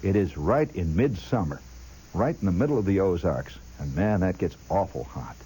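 A man's voice: low-pitched, animated, normal speed, mellow, husky, rough recording. A man telling a long personal story as a chatty monologue, talking straight to the listener and mimicking sounds along the way. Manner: chatty, addresses the listener directly; imitates sounds with his voice.

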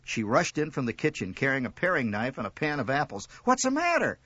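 A man reading a story aloud, wry and expressive. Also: medium pitch, fast talker, breathy edge, dry recording. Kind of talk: scripted narration.

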